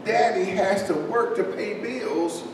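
Slow-preaching man in an echoey hall. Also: high voice. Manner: conversational preaching with asides to the congregation. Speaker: pastor. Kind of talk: sermon. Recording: echoey hall, distant mic, faint hiss.

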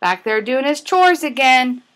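A woman teacher reading a picture book to toddlers, animated and playful, with animal sounds. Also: high voice, measured pace, slight background noise. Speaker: preschool teacher.

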